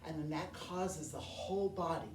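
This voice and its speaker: A woman's voice: deep voice, normal speed, a little mellow, slight background noise. A woman who teaches elementary music, leading a movement lesson and singing scale notes and counts aloud. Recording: echoey room heard from a distance.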